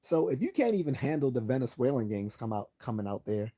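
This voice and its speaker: A man hosting a late-night livestream, talking bluntly and sarcastically while hoarse from losing his voice. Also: medium pitch, sing-song, fairly quick, mellow. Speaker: livestream host.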